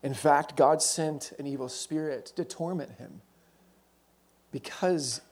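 A man preaching a sermon, telling the story conversationally with quick asides and self-corrections. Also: fairly high pitch, darkish tone.

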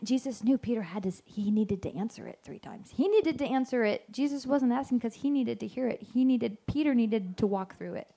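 A woman's voice: fairly high pitch, warm tone. A woman giving an informal devotional Bible teaching, chatty and self-correcting, often acting out the lines she quotes.

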